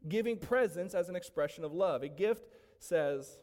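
A man preaching from the pulpit in a fairly high voice, pressing his points with rhetorical questions. His words ring with a long reverb through the church sanctuary. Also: lively intonation, moderate pace, darkish tone. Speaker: pastor. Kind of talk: sermon.

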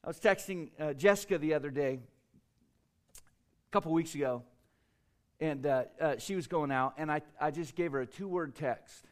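A middle-aged man preaching a sermon as pastor, emphatic, with repeated words and swings between loud and soft. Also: a little high, moderate pace, pauses often. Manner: emphatic preaching with repetitions, rising and falling loudness.

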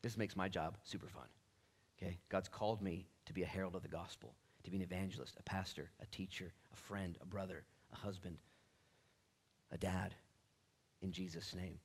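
A man pastor teaching a sermon Bible study in a church, animated and casual, with slangy jokes and asides. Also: low-pitched, moderate pace, slightly rough.

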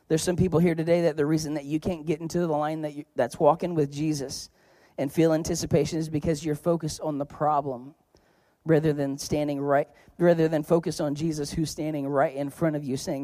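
A man preaching a sermon as pastor, talking in a conversational, joking storytelling way with sudden loud bursts of emphasis. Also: on the high side, fairly even intonation, fairly quick, no echo, clean studio sound. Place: church.

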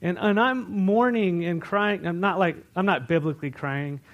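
A male pastor delivering a sermon with a fairly high-pitched voice. He tells stories in a loose, conversational way, full of restarts, dropping to near-whispers and then rising to loud, emotional bursts. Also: moderate pace, lo-fi sound. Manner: conversational storytelling with many restarts, swinging from hushed to loud.

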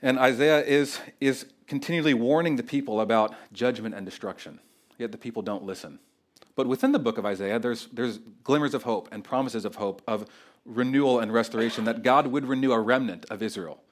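A man's voice: mid-range voice, fairly quick. A man in his thirties preaching a sermon as pastor, talking in a loose, unscripted way with fillers and restarts.

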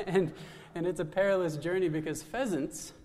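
A man's voice: high-pitched, steady tone, moderate pace, a little mellow. A man casually retelling a folktale, loose and chatty with restarts and asides. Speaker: storyteller. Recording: long hall reverb.

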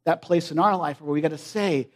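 A man preaching a sermon in an earnest, emphatic way, swinging from loud stresses to hushed lines. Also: a little high, brisk.

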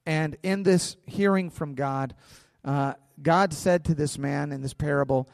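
Animated preaching man, reverb tail. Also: on the high side, a little slow, gravelly, studio quality. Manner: animated preaching, acts out quoted voices. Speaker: pastor. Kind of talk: sermon.

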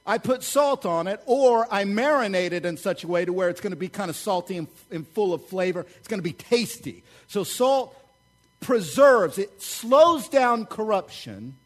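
High-voiced, fired-up preacher man. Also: moderate pace. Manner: energetic, conversational preaching with crowd check-ins. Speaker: pastor. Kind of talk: sermon.

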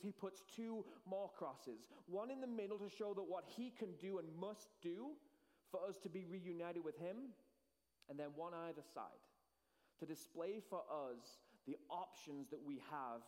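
A man preaching an earnest sermon with dramatic pauses. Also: sits high, a little mellow, in a large hall. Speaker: pastor.

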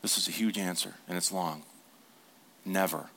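A man preaching a sermon as a pastor. He asks the congregation questions, repeats them, and drops to a hushed tone for tender points. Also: deep voice, fairly even intonation, moderate pace, vocal fry.

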